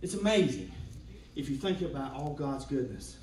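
Preacher guy in his 40s, lively sing-song delivery, sounds far off in a roomy church with soft guitar under it. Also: mid-range voice, moderate pace, a little hiss or hum. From Georgia, US. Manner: preaching with hums, builds to shouts. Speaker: pastor. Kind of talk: sermon. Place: church sanctuary.

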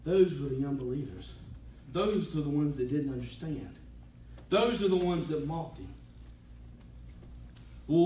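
A man, preaching a sermon as pastor, humming between lines and building to shouts. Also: a little high, echoey room, distant mic, rough recording. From Georgia, US. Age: 40s. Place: church sanctuary.

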